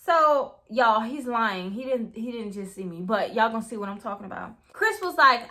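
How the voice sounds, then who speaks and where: High, bright-voiced young woman telling a story. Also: moderate pace, few pauses. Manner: animated, swears freely, keeps addressing viewers as "y'all". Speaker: storytime vlogger. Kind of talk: casual storytime chat.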